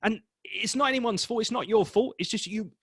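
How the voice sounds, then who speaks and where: A man coaching professional advisors on public speaking, talking to the camera in an energetic, emphatic and blunt way. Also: high-pitched, moderate pace, breathy edge, no echo. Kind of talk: direct-to-camera coaching talk.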